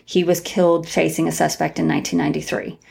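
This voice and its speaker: Podcast guest: woman with a low, gravelly voice, rambling through a story. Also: little pitch movement, fast, darkish tone. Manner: rambling, many restarts and fillers. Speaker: guest, tarot reader and former crime analyst. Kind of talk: casual storytelling interview.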